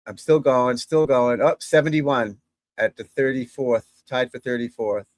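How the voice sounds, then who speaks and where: A man's voice: mid-range voice, fairly even intonation, measured pace, no echo, poor audio. Rambling, chatty golf instructor man. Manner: rambling, chatty, breaks off to talk to his dog. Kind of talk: casual live chat to viewers. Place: room at home.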